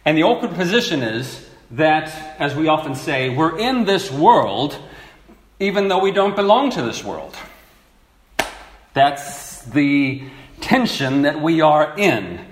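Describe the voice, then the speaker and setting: Slow, lively-voiced man preaching. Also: fairly high pitch, echoey room. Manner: slow, lively teaching with emphatic repetition. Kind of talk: sermon.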